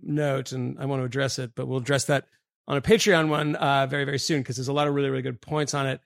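Gravelly chatty podcast man. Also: medium pitch, little pitch movement, fast talker, no echo, clean studio sound. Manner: rambling, many fillers, laughs mid-sentence. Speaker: podcast co-host. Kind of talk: casual chat, reading a listener email.

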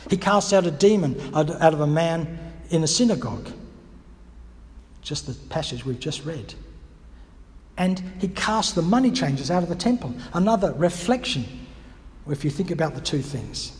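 A man with a high voice gives a thoughtful sermon, working through his points with questions to the congregation. His voice rings with the long reverb of a big hall. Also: lively intonation, moderate pace, long pauses, darkish tone. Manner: reflective, teacherly, with restarts and rhetorical questions. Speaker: preacher.

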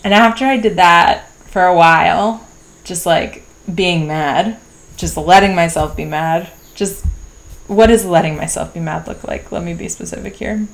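A woman hosting a podcast, talking through a personal diary entry in a slow, introspective way with pauses and restarts. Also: fairly low pitch, creaky. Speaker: podcast host. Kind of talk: reflective personal diary monologue.

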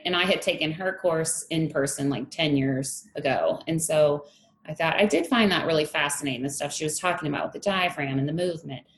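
Woman guest, 30s, lowish voice, candid storyteller, echoey room with faint hum; laughs easily. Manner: candid, laughs often, acts out her past thoughts. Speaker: strength coach, guest. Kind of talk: conversational interview storytelling.

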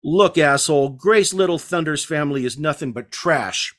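A man voicing a hulking, crude middle-aged male bully who talks in a gruff, dismissive and profane way, read aloud from a novel. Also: on the high side, moderate pace, fairly bright tone, natural voice. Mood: hostile.

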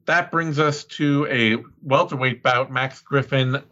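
A man's voice: mid-range voice, steady tone, measured pace, bright, forceful tone. A man co-hosting a podcast, chatting casually about fights and reading out betting odds. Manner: conversational, runs the betting odds. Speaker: podcast co-host. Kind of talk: casual sports chat. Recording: slightly dull lo-fi audio.

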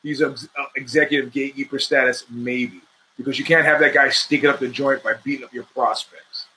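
A man's voice: medium pitch, fairly even intonation, a little fast, sharp tone, slight background noise, poor audio. A man hosting his own show, talking through fight predictions in a rambling, opinionated, profane monologue. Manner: rambling, opinionated, restarts mid-sentence; profane, streetwise talk. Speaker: podcast host. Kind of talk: casual sports commentary monologue.

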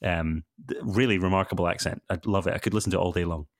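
Deep-voiced man, hesitant podcast host. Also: fairly even intonation, fast talker, no echo, clean studio sound. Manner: hesitant, many ums and self-corrections. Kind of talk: casual conversational podcast.

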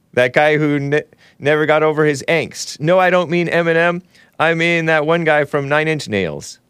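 A male talk show host rambles through sarcastic commentary and laughs at his own asides. His voice is smooth and resonant. It sits close and dry, with no room sound. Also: mid-range voice, no echo. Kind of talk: casual commentary playing clips.

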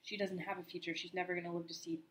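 A woman's voice: fairly low pitch, flat delivery, racing. A woman co-hosting a casual chat podcast, thinking aloud hesitantly with many restarts. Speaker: podcast co-host.

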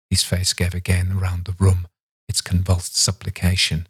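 A man, a podcast host, giving a measured, dramatic audiobook reading of a classic novella. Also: sits low, monotone, slightly rough, no room sound. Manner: measured, dramatic reading that slows for tense passages.

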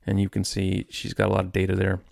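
A man's voice: low voice, completely flat delivery, fast, vocal fry, a little mellow, no echo, studio quality. A man hosting his own podcast, ranting in a frustrated, rambling way with many restarts. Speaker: podcast host. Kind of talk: solo podcast rant.

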